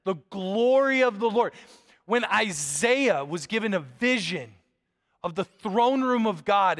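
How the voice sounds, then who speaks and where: A pastor in his thirties delivers a sermon, his voice sitting high for a man. He tells stories with energy and acts out the voices in them. The sound rings with the long reverb of a large hall. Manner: animated storytelling, acts out voices.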